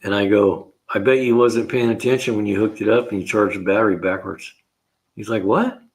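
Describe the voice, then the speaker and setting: Older male mechanic host with a somewhat low voice, rambling through shop stories and chuckling as he acts out his own lines. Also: steady tone, a little fast. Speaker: host of a car repair live show. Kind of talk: casual shop talk.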